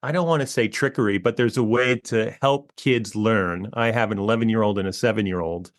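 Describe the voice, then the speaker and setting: A man in his forties talks in a relaxed, rambling way, his lowish voice full of fillers as he explains his work. He is close on a microphone in a dry, dead-sounding space. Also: a little fast, dry recording. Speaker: guest, educational comic author. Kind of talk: casual interview talk. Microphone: close podcast mic.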